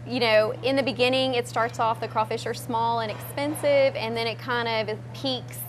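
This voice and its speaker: A woman's voice: fairly high pitch, fairly even intonation, moderate pace, noisy background. A woman who owns a restaurant, answering interview questions in a friendly, casual way and often saying "like" and "um". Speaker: restaurant owner. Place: restaurant kitchen.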